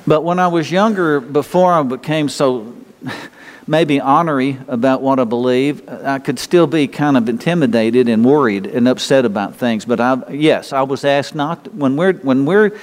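A man's voice: mid-range voice, moderate pace, long reverb tail. An older man preaching a sermon as pastor, folksy and rambling, often restarting his sentences.

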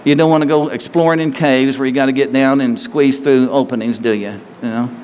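A pastor preaching a sermon in a conversational way, full of rhetorical questions. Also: male voice, medium pitch, fairly even intonation, brisk, a little mellow. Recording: long reverb hall, faint noise.

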